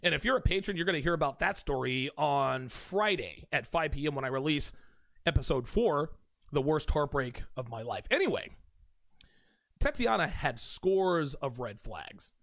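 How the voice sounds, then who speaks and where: A man's voice: fairly high pitch, animated, normal speed, vocal fry, a bit bright, no room sound, studio quality. A man hosting a livestream, talking emphatically and repeating phrases as he builds each point. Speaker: host. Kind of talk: livestream commentary.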